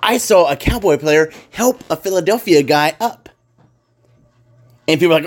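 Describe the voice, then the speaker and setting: A man's voice: on the high side, animated, normal speed. A man in casual podcast chat, rambling and emphatic, swearing freely as he makes his points.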